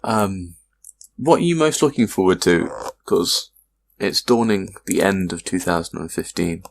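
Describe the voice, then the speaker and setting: A British man chats casually on a gaming podcast. His voice sits very low with a gravelly texture. He delivers his opinions bluntly and dryly. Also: expressive, unhurried, a little hiss or hum. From Britain. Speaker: podcast co-host. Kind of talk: casual chat.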